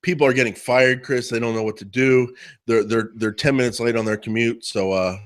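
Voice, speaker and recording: A man's voice: medium pitch, steady tone, fairly quick. A man on a podcast spins a teasing, jokey story in loose, casual talk. He ribs his co-host as he goes and sounds at ease. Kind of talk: casual chat.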